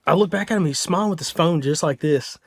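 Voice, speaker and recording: A man, a podcast host, telling a story in casual chat and acting out the quotes with animated energy. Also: a little high, quick pace, crowd noise. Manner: animated, excitable storyteller who acts out quotes.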